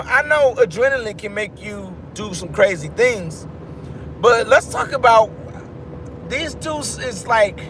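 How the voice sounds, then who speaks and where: A man giving casual commentary to his viewers, rambling and animated, often breaking off mid-thought and restarting. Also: very high voice, slight background noise. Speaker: vlogger.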